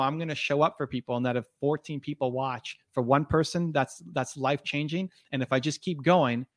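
A man's voice: mid-range voice, no echo, studio quality. A man speaking as a podcast guest in an earnest, motivational way, with frequent restarts and fillers. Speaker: podcast guest, video creator. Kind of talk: conversational interview.

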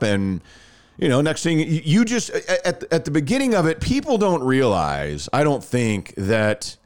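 Man, thirties, podcast host, casual storytelling, lively up-and-down pitch, acts out dialogue. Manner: animated, acts out quoted dialogue.

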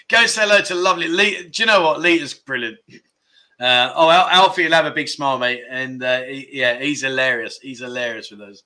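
A man's voice: mid-range voice, moderate pace, bright, forceful tone. A man hosting a casual livestream, chatting and joking as he reads out viewer comments, often laughing at his own jokes. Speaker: livestream host.

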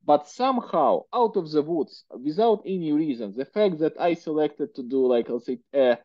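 A man in his thirties speaks with a Russian accent, chatting freely as an interview guest with plenty of "like" and "you know". His voice sits a little high for a man. The recording is dry and somewhat dull and lo-fi. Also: moderate pace, warm tone, no echo. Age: 30s. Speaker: guest entrepreneur. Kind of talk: casual interview conversation.

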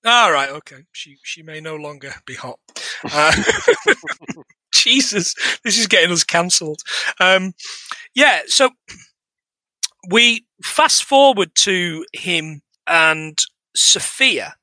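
Podcast co-host, a man, high and very bright voice, sweary, exasperated, dry close mic. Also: lively intonation, slow pace, no echo. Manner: sweary, exasperated, rambling with restarts. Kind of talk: casual comedic film review chat.

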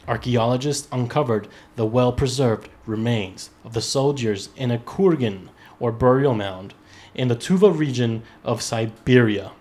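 A man's voice: mid-range voice, darkish tone. A man hosting a casual podcast, reading out an article with loose, profane asides and stumbling restarts. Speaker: podcast host.

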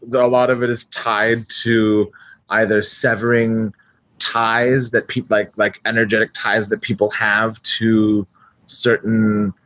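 A man's voice: lowish voice, little pitch movement, slow pace, a bit bright, dry recording. Guy rambling about his character, lots of likes and restarts, dry sound. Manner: rambling, hesitant, many restarts. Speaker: player. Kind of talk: tabletop character creation chat.

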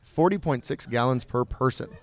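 A man hosting a casual beer podcast, rattling off statistics with fillers and quick laughs. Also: mid-range voice, dry recording. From California. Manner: reads stats with fillers and laughs. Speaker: podcast host. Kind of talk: casual chat.

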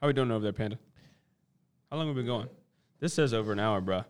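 A man co-hosting a casual podcast, quick and offhand. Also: medium pitch, smooth. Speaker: podcast co-host.

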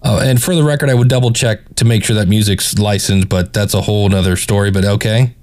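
A man's voice: fairly low pitch, steady tone, fast, a little mellow. A man casually reviewing a podcast, picky and hesitant, often restarting his sentences. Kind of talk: casual critique over playback.

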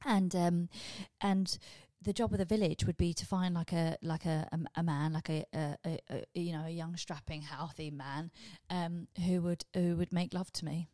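A woman with a fairly low voice hosts a comedy podcast as a rambling solo monologue, swearing freely as she goes. Her storytelling is animated. The sound is dry and close to the mic. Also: normal speed, few pauses, no echo. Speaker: podcast host.

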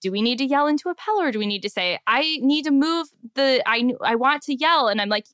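A woman's voice: sits high, fairly quick, few pauses, smooth, no echo, clean studio sound. A woman hosting a podcast, chatting casually and affirming her guest with lots of filler words. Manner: warm, affirming, chatty with many "like"s. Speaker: podcast host. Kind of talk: casual interview chat.

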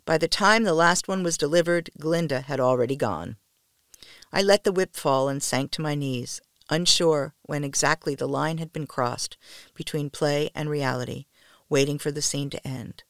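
A woman podcast storyteller reading a first-person story in a soft, intimate manner, often near a whisper, with a gravelly voice. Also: low voice, normal speed, no room sound, studio quality.

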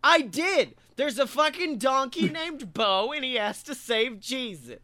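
A man co-hosting a comedy podcast in casual banter, animated and swearing, often laughing through his own jokes. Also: extremely high pitch, measured pace. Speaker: podcast co-host.

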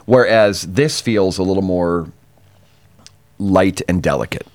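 A man's voice: deep voice, slow pace. A man co-hosting a casual podcast, describing tastes and aromas in detail and comparing them to foods and wine. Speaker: podcast co-host reviewing cigars. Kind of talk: casual chat.

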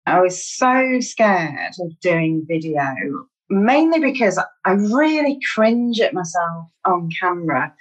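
A woman's voice: fairly low pitch, animated, slow, low-quality recording. A woman from Manchester with a Mancunian accent, a podcast guest speaking candidly and self-deprecatingly, with fillers. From Manchester, England. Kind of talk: podcast interview.

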